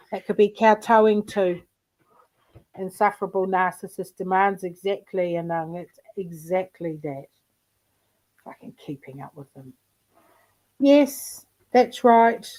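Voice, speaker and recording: A woman's voice: medium pitch, slow, pauses often, a little mellow, poor audio. A woman hosting a livestream in casual chat, telling rambling, profane anecdotes with frequent laughter. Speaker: livestream host.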